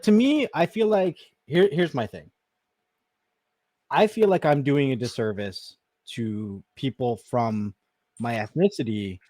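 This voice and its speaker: A man from Canada co-hosting a podcast, talking frankly and reflectively in casual chat. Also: no echo. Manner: reflective, talks frankly, often drops low and quiet. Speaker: podcast co-host.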